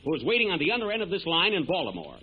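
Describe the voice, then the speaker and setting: A man in a 1930s radio comedy sketch, pleading and shouting into a telephone receiver with growing exasperation, heard on a muffled old broadcast. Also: on the high side, huge pitch swings, racing, slight background noise. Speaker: comedian playing the inventor in a sketch.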